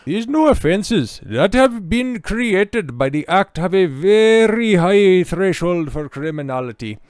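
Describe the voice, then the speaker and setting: This is a mocking impression of a pompous Scottish politician, put on by a man. The voice is pitched well above his own and rings smooth and clear. The delivery is stiff and official. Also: sing-song, takes it slowly, a little mellow, no echo, studio quality, heavily acted.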